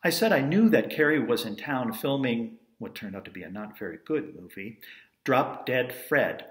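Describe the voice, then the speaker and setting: A man's voice: medium pitch, lively intonation, normal speed, roomy sound. Wry man telling a story. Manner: wry, conversational, self-amused asides. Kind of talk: personal storytelling monologue.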